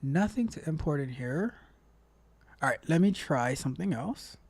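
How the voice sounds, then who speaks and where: A man's voice: fairly high pitch, lively intonation, normal speed, darkish tone, husky. A man hosting a casual tech livestream, chatting with viewers in a playful, repetitive, motivational way. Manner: playful, repeats himself a lot. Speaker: tech coach livestream host.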